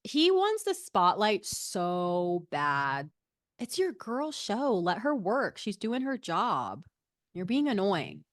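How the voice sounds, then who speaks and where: A woman's voice: medium pitch, wildly swooping pitch, slow pace, no room sound, clean studio sound. A woman co-hosting a gossip podcast, chatting casually, laughing often and mimicking people. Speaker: podcast co-host.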